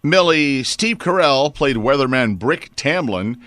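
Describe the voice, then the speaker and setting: A man's voice: mid-range voice, expressive, unhurried, fairly bright tone, no room sound. Radio guy in the studio, wry and teasing, voice goes up and down a lot. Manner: wry, teasing, runs the phone-in game. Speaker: radio show co-host. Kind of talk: casual morning radio banter. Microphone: studio microphone.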